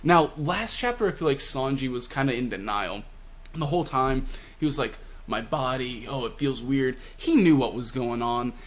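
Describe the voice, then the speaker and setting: A man giving casual, excitable commentary on a comic chapter. He laughs often and fills his talk with "like.". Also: mid-range voice, normal speed. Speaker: manga reviewer.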